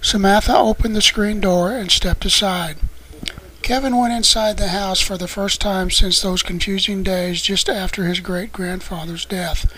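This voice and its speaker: High-voiced man reading a story. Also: fairly even intonation, a little slow, pushed and bright, low-quality recording. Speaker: audiobook narrator. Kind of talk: scripted narration.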